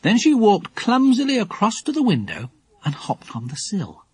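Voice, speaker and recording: A man narrating a children's audiobook in a lively, expressive storytelling manner. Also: sits high, moderate pace, breathy edge, dry recording.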